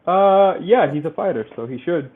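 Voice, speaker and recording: A man joins a casual boxing chat over a thin, phone-like call line. His voice sits a bit high and swings around a lot as he jokes loosely with the host. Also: lively intonation, moderate pace. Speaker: guest on call. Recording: tinny call audio.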